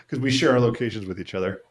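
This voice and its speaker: A man with a lowish voice co-hosting a podcast in loose, casual chat. He jokes his way from one random topic to the next. His voice leaps up in pitch when he gets excited. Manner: jokey, jumps between random topics, animated swings in pitch. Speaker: podcast co-host. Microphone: studio microphone.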